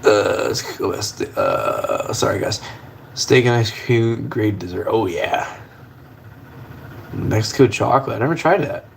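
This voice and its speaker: A man's voice: on the low side, very animated, unhurried, vocal fry, a little hiss or hum. Laid-back young man chatting on a livestream. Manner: laid-back, rambling, swears casually. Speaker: livestream host. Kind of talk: casual livestream chat. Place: home kitchen at the stove.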